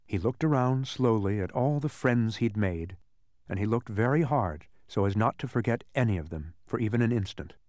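A man narrating a children's storybook with a very lively, rising and falling voice. The recording is close and dry, and he reads it with plain enjoyment. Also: fairly low pitch, moderate pace, no room sound. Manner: expressive reading aloud.

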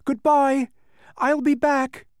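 A man's voice: sits high, animated, normal speed, darkish tone, no room sound, studio quality, voice pushed up. A man voicing an earnest young boy in a storybook reading, with a raised, boyish voice. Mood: shouting. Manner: boyish and pleading.

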